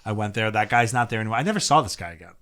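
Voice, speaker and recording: A man's voice: on the low side, lively intonation, racing, fairly bright tone. A man, a comedian guest, telling a rambling, profane story in casual podcast chat. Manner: profane, rambling anecdote with frequent laughs and restarts.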